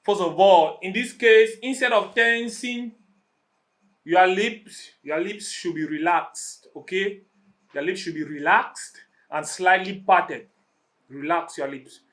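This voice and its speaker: A man with a rather high voice teaches an English pronunciation lesson at a slow, deliberate pace. He demonstrates each vowel, repeats it patiently and keeps checking that the class is following. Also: a bit bright.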